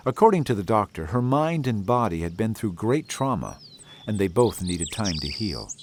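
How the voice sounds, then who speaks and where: Expressive male storybook narrator. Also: on the low side, moderate pace, noisy background. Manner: expressive, dramatic. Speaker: audiobook narrator.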